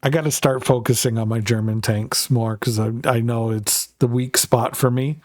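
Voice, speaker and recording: A man's voice: mid-range voice, steady tone, normal speed, darkish tone, no room sound, studio quality. Rambling man streaming a tank game. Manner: rambling, filler-heavy, swears casually. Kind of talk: casual live gaming commentary.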